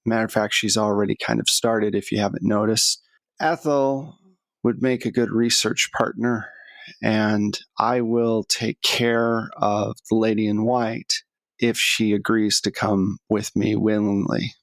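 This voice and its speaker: A gaunt, gray-skinned otherworldly emissary speaks in a cold, courteous monotone, as a man puts him on at the game table. He talks slowly and evenly in a dry, close voice. His manners stay flat and unbothered. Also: lowish voice, creaky, no echo. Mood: cold, polite. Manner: flat monotone, coldly polite. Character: tall gaunt gray-skinned male servant of a god.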